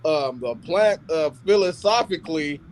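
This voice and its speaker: A man's voice: fairly high pitch, expressive, unhurried, darkish tone, rough recording. A man argues in a casual debate. He is insistent, driving his case home with repeated questions. A faint background hum runs under his voice.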